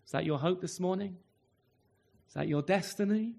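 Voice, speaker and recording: Earnest male preacher, lively pitch. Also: moderate pace, gravelly. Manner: earnest, rhetorical questions, wide swings in pitch and loudness. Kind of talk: sermon.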